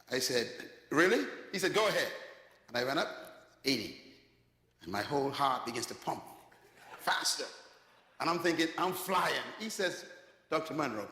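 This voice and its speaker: A man's voice: fairly high pitch, bright, forceful tone. A man preaching a sermon, telling a story dramatically and acting out the dialogue. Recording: echoey hall, long reverb.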